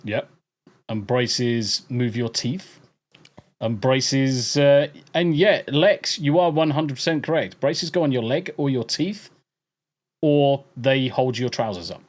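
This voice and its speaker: A man's voice: medium pitch, takes it slowly. A man with an English accent hosting a podcast, chatting casually with viewers in jokey, profane banter. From England. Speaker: podcast host. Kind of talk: casual chat with live viewers.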